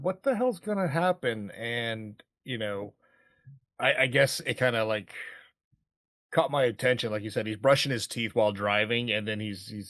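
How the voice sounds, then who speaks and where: A man's voice: on the low side, sharp tone, no echo, clean studio sound. A man co-hosting a movie podcast, talking casually with lots of fillers and quoted reactions. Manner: rambling, many fillers, quoting lines. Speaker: podcast co-host.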